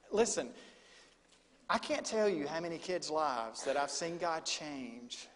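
A man's voice: a little high, expressive, slow pace. Folksy man preaching in a hall. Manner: folksy storytelling with quoted asides. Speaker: student minister. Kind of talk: sermon.

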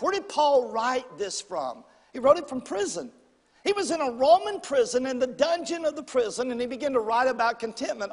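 Male pastor, high-pitched, call-and-response sermon delivery, church hall reverb. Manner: call-and-response preaching, rising to emphatic bursts. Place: church sanctuary.

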